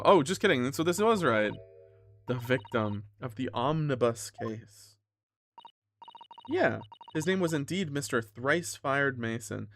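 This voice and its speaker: A man's voice: mid-range voice, a bit bright, dry recording. A man streaming a video game, reading its dialogue aloud and joking around, catching his own slips as he goes. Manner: jokey, reads lines aloud, self-correcting. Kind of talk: casual gaming commentary, reading dialogue aloud.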